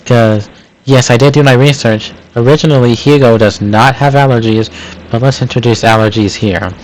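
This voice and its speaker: A man's voice: medium pitch, fairly even intonation, darkish tone, a little hiss or hum, rough recording. Casual man reading his own script. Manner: quick, informal, reads stage directions aloud. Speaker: channel host. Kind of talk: casual read-aloud of own fan script.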